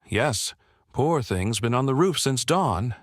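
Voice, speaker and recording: A man's voice: medium pitch, expressive, slow, no room sound, clean studio sound, voice pushed up. A man reading the lines of a shifty male handyman, defensive and offhand.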